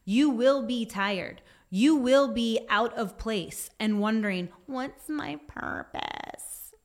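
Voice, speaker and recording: A woman's voice: on the high side, slow. Earnest woman giving a devotional talk. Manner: earnest and exhorting, reading her notes; puts on a whiny voice for effect. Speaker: Christian speaker.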